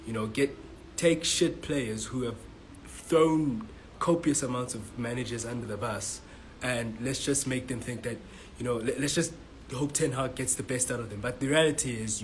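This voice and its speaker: South african guy ranting about his football team, lots of swearing, faint noise behind. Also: mid-range voice. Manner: frustrated, swearing, repetitive restarts. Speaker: football fan vlogger. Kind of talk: ranting match reaction.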